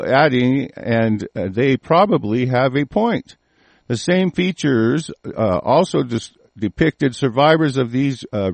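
A man's voice: medium pitch, vocal fry, no room sound. A man reading news items aloud and breaking into profane, threatening rants, stumbling over words with many fillers. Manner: profane, threatening outbursts between halting reading. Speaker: commentator. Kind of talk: angry reading-and-rant commentary.

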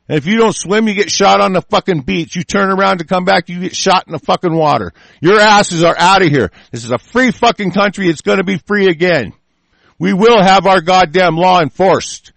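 A man's voice: high-pitched, normal speed, creaky, no echo. A man hosting a radio show, delivering an angry, profane political rant full of cursing. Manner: profane, shouting, heavy cursing.

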